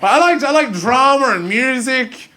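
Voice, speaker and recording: Young Australian comic, animated and self-mocking, highish voice, faint room noise. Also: male voice, a little slow. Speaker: stand-up comedian. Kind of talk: stand-up comedy set. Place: school theatre with live student audience. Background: faint audience ambience and laughter.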